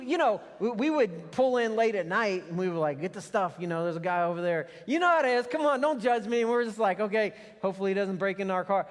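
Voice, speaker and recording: Pastor telling a story in a reverberant hall. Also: male voice, high voice. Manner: conversational storytelling, animated asides. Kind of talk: sermon. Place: church sanctuary.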